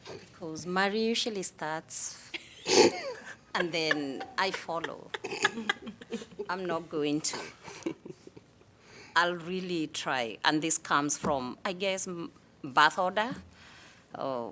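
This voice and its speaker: A woman from Kenya, a city commissioner, giving measured, heartfelt farewell remarks at a public meeting. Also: on the low side, fairly bright tone, a little hiss or hum.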